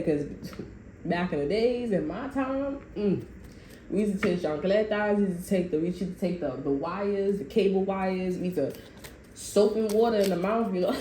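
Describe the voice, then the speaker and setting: A woman giving a casual, animated tarot reading, full of profanity and asides to her viewers. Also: lowish voice, normal speed. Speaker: tarot reader. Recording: echoey room, faint noise.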